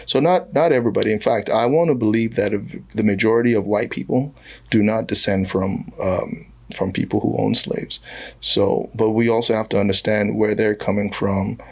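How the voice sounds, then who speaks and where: A man's voice: lowish voice, moderate pace, creaky. A man from Nigeria, a comedian, telling jokes and stories in a casual podcast conversation. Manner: jokey, animated storytelling with voiced asides.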